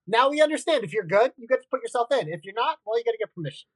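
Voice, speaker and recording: Animated woman podcast co-host, dry sound. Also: on the high side, no room sound, low-quality recording. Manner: animated, quick asides, swears casually. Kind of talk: casual wrestling chat.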